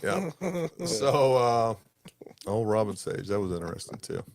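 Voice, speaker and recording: A man's voice: on the low side, measured pace, no echo. A man hosting a casual podcast, telling stories and acting out dialogue with a raised voice. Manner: animated storyteller, acts out dialogue with raised voice. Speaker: podcast host. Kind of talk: casual storytelling chat.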